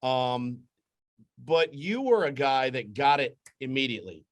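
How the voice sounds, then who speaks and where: A man who hosts sports radio, guesting on a podcast and telling stories animatedly, with quick bursts and restarts. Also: mid-range voice, sing-song. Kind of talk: casual conversation, storytelling.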